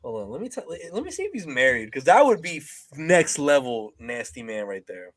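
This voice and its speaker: Young male co-host, animated, profane, close and dry. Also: medium pitch, moderate pace, dry recording. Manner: animated, swears a lot, mocking impressions. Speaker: podcast co-host. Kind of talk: casual chat.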